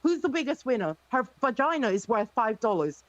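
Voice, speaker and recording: A woman's voice: on the high side, very animated, brisk, no echo, muffled recording. A woman taunting and mocking someone over and over in a heated insult exchange on a live stream.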